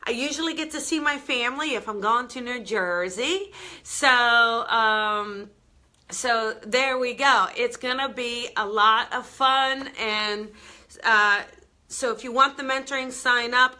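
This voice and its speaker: Chatty woman host on a live stream, kinda high voice, super bright and upbeat, talks right at the viewers. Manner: bubbly, chatty, addresses viewers directly. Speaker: host of a live weekly show.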